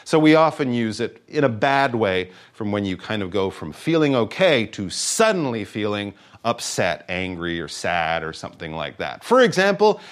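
A man teaching English vocabulary in a relaxed, conversational lesson, often acting out little example voices. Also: mid-range voice. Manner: animated, acts out example voices.

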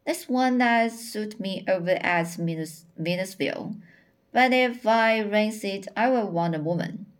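A woman's voice: mid-range voice, unhurried, natural voice. Woman reading as a blunt lanky farmhand. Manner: blunt, few words, country grammar. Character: lanky blunt young farmhand suitor, male.

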